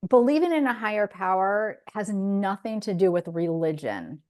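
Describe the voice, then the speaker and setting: A woman's voice: mid-range voice, lively intonation, normal speed, a little mellow. A woman hosting a podcast in casual chat, talking in an earnest, reflective way with frequent restarts. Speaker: podcast host.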